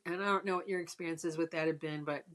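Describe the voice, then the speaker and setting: A woman's voice: low voice, steady tone, quick pace, a bit bright. Woman in her sixties telling a story. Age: 60s. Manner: storytelling, frequent restarts. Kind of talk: casual chat.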